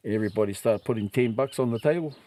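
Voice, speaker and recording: This middle-aged podcast guest with a New Zealand accent races through casual stories in a medium-pitched voice on a dry recording. He animatedly mimics what people said and laughs while recounting it.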